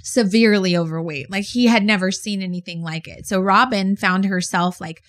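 A woman's voice: mid-range voice, moderate pace. A woman co-hosting a casual podcast, telling stories frankly and with animation, swearing now and then. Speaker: podcast co-host. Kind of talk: casual chat.

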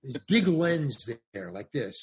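An older man, a comedian and actor, telling anecdotes as a guest in an animated way and acting out other people's lines. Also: mid-range voice, slow pace. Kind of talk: anecdotal storytelling.

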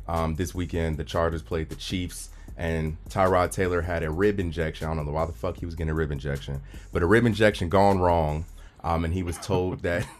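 A man's voice: low-pitched, a little hiss or hum. A man hosting a loose, profane sports podcast, rambling through the week's news. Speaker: podcast host. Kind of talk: casual sports chat.

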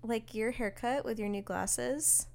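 A young woman co-hosting a casual chat, teasing and quick to laugh. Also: fairly high pitch, vocal fry, a crowd in the background. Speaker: podcast co-host.

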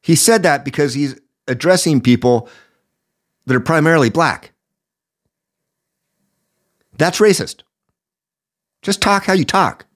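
A man's voice: on the high side, expressive, measured pace, long pauses. A man hosting a political podcast, giving indignant commentary with a sore throat. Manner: indignant, rising emphasis. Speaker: podcast host.

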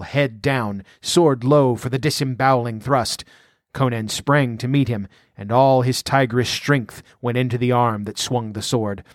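A man narrating an adventure story aloud in a measured, dramatic reading. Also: mid-range voice, no echo, clean studio sound. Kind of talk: audiobook narration.

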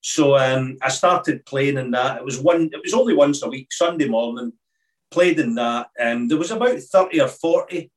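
A middle-aged Scottish man, a podcast guest, recalling his past in a relaxed, halting way with many restarts. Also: mid-range voice, far from the mic. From Scotland. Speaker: guest, former snooker player. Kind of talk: casual interview chat.

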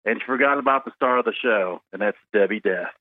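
A man's voice: on the low side, fast talker, dry recording. A male caller to a radio show, a Marine veteran, speaking earnestly and emphatically over a phone line. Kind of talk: phone-in call.

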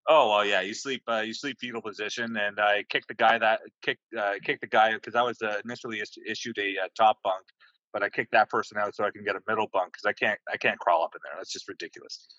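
A man with a lowish voice tells navy stories in a loose, rambling way, peppered with swearing and lots of "uh"s and restarts. The sound is dry and a bit dull, like a lo-fi recording. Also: steady tone, fast, bright, forceful tone, no room sound. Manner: rambling, profane, many fillers and restarts. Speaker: podcast guest, navy sailor. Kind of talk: casual storytelling.

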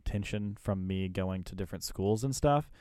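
Young male host, low voice, dry sound, relaxed and often laughing. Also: moderate pace, dry recording. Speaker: podcast host. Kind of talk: casual chat.

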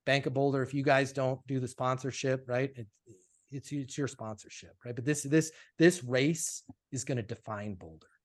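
Man, sales coach guest, casual storytelling, acts out dialogue, middle pitch. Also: normal speed. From Colorado, USA. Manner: animated storyteller acting out quoted dialogue.

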